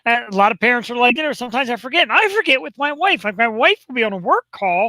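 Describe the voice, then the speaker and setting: A man's voice: very high-pitched, sing-song, quick pace, pushed and bright, no echo. A man hosting a webcast over a video call, joking around in a goofy, casual way. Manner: goofy, joking, bursts into silly voices. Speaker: host. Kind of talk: casual chat on a live webcast.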